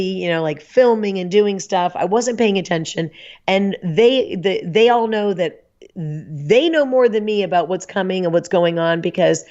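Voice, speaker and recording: A woman podcast guest chatting casually, telling animated stories and laughing often. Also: lowish voice, dull audio. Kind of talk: casual chat.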